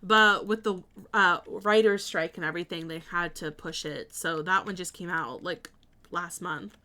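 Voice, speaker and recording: A woman's voice: lowish voice, steady tone, moderate pace, pushed and bright. A woman streamer chatting casually while building in a game, thinking aloud and answering her chat.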